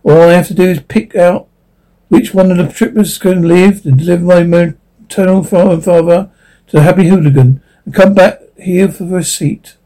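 A man reading the lines of a bitter, grieving young father who speaks flatly and sullenly. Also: sits high, fairly quick, poor audio.

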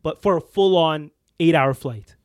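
Speaking at a measured pace, this young podcast co-host has a voice on the high side, captured in clean studio sound without echo. His casual storytelling rambles, full of fillers and false starts.

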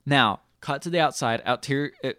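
A man co-hosting a podcast, casually retelling a movie plot in an animated way, often laughing and acting out the characters' lines. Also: medium pitch, brisk, dry recording, studio quality. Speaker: podcast co-host. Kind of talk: casual movie recap chat.

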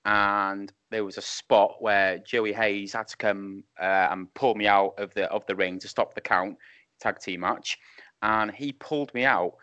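A man's voice: fairly low pitch, steady tone, unhurried, sharp tone, clear, resonant tone, dry recording. A man, a wrestling referee guest, telling rambling anecdotes with chuckles over a video call. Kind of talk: casual chat. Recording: muffled Skype call audio.

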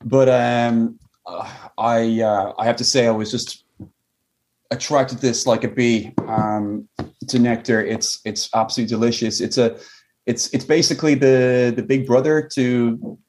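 An Irish man, a whiskey company founder, chatting as a guest in a halting, self-deprecating way. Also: medium pitch, steady tone, a little mellow. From Ireland. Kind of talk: casual chat.

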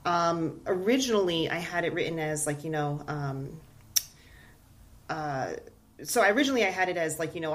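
Chatty mid-pitched woman author. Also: animated, moderate pace, slight background noise. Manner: chatty, laughs often. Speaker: guest, children's book author. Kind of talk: casual podcast interview.

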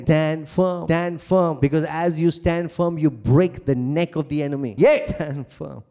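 A man preaching with a fairly high voice, hammering home his points by repeating short phrases in rising waves. He delivers a sermon as pastor, breaking the intensity now and then with playful asides. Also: gravelly, mellow. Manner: jokes and laughs with the congregation.

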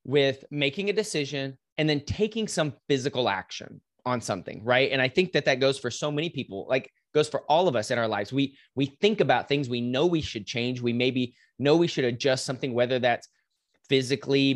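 Man, podcast guest, energetic motivational storyteller, casual and blunt. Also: medium pitch, brisk. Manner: animated, casual, swears, mimics voices in anecdotes.

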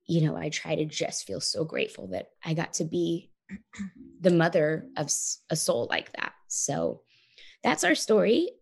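A woman's voice: on the low side, creaky. A woman in her thirties, an interview guest telling a personal story in an earnest, reflective way, often saying "like" and "you know".

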